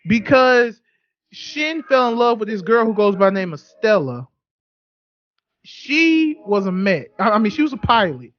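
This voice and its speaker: Profane, heated podcast ranter. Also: male voice, high-pitched, very animated, a little slow, fairly bright tone, dry recording, highs cut off. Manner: heated, profane, repetitive ranting. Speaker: podcast co-host. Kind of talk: casual podcast rant.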